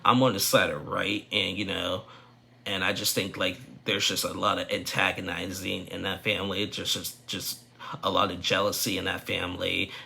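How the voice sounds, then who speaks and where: Chatty guy with a bright, raspy-edged voice, rambling opinions about a reality show. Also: low voice, little pitch movement, moderate pace, a little hiss or hum. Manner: rambling, opinionated, with frequent restarts and laughs. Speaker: reality TV recap vlogger. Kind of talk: casual opinion recap.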